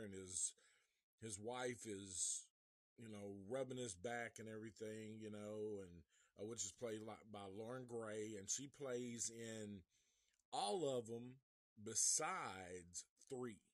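Brief: man reviewing a movie live, unhurried and rambling, curses a lot, dry close sound. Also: medium pitch, dry recording. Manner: rambling, profane, restarts often.

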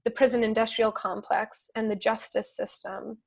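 A woman's voice: on the high side, little pitch movement, moderate pace, gravelly. A woman speaking as a podcast guest, explaining her method in a thoughtful, earnest way with many fillers. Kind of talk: casual conversational explanation.

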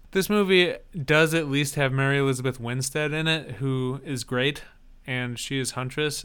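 Bright, crisp-voiced man chatting movies. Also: medium pitch. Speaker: podcast co-host. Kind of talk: casual movie chat.

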